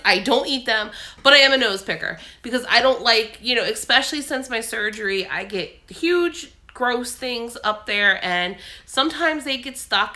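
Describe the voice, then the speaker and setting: A woman's voice: fairly high pitch, bright, forceful tone. A woman vlogging casually at home, sick with a cold and her voice coming and going, telling a long rambling story full of fillers. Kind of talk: casual chat.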